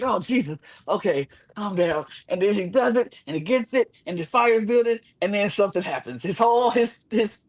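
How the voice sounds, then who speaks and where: Male podcast co-host, AAVE, casual recap chat, very animated, dramatic pitch jumps. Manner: animated, acts out reactions with big pitch swings.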